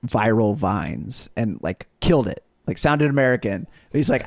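A man's voice: on the low side, animated, dry recording. Chatty man on a dry podcast mic. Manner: chatty, quick to laugh, drops into quoted voices. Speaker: podcast co-host. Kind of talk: casual chat.

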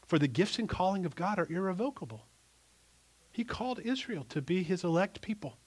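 A middle-aged male pastor preaching a sermon, emphatic and animated, often restarting his sentences. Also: sits high, fairly quick, husky.

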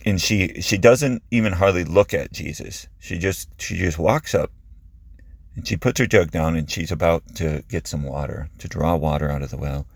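A man preaching, retelling scripture in a conversational storytelling manner. His voice is low and husky. The sound is dry and close, with little room in it. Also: normal speed, dry recording. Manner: conversational, vivid storytelling with restarts. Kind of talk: sermon retelling a Bible story.

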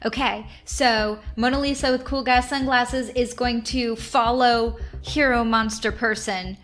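A woman playing a tabletop game with a slightly high voice. She talks in a playful, easygoing way. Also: fairly even intonation, a little slow, fairly bright tone. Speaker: player.

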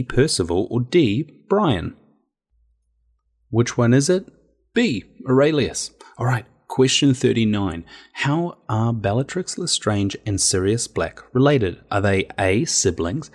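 A man's voice: fairly low pitch, darkish tone. Casual man reading out trivia. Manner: casual, teasing quizmaster with filler "uh"s. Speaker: podcast quiz host.

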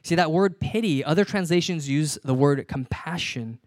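A man's voice: on the high side, moderate pace, dry recording. A man in his thirties, a pastor preaching a conversational sermon and repeating key lines for emphasis.

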